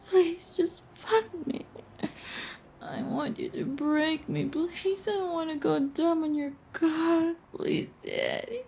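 Very high, slow, tearful young woman. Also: fairly even intonation, a little mellow, a little hiss or hum.

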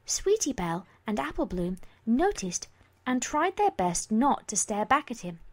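A woman reading a story aloud as narrator, in an expressive, animated manner. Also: a little high, a little slow.

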